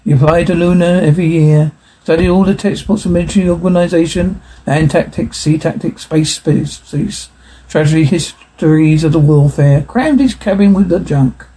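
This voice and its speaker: A man's voice: fairly high pitch, moderate pace, mellow, slight background noise, close to an everyday voice, low-quality recording. A man voicing a boastful, chatty young male starship pilot in an audiobook reading. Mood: smug.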